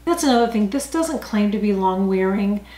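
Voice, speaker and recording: A woman's voice: mid-range voice, expressive, moderate pace, dark tone. Older woman vlogger, chatty and self-correcting, recorded in an echoey home room. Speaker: beauty vlogger. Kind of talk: unscripted makeup review. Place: indoor home room, rain outside. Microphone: camera mic. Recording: echoey room on camera mic.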